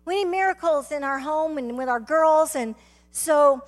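High-voiced Southern woman preaching in a hall. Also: normal speed. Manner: fervent storytelling preacher, rising to shouts. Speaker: guest speaker. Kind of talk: testimony sermon. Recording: reverberant hall.

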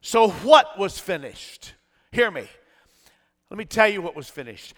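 A middle-aged male pastor preaching a sermon, dramatic, swinging from shouts to hushed tones. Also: high voice, expressive, measured pace, in a large hall.

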